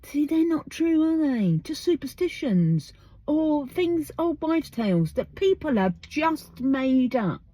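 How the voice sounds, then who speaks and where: Her voice sits high yet sounds dark, swinging widely in pitch while she speaks slowly. She's an English woman hosting her podcast outdoors, delivering an emphatic, casual monologue packed with rhetorical questions, recorded without echo.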